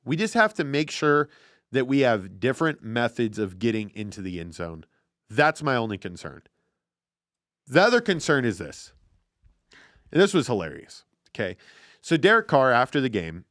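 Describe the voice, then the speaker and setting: A man hosting a casual football podcast, talking in an excitable, profane, animated way. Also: medium pitch, dry recording, clean studio sound. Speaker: podcast host. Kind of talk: casual sports chat.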